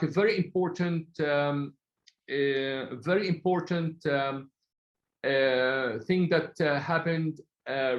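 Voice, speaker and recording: A man from Palestine, speaking as a guest in an online talk in an earnest, halting way, often searching for words. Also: a little high, reverberant, dull audio.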